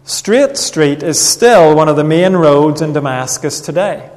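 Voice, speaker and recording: A man preaching a sermon in an earnest, measured way, reading Bible passages aloud. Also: fairly high pitch, expressive, darkish tone. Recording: long reverb of a hall.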